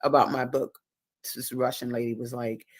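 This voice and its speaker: A woman with a low voice hosts a casual livestream in an emphatic, preachy way, leaning on repeated words to drive each point home. Her voice sits close and dry, with no room sound around it. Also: little pitch movement, normal speed, breathy edge, dry recording. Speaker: host and author.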